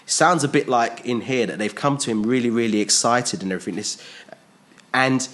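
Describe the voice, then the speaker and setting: Man, preacher, sermon, emphatic, repeats phrases, rhetorical questions, mid-pitched voice. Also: lively intonation, normal speed, a bit bright.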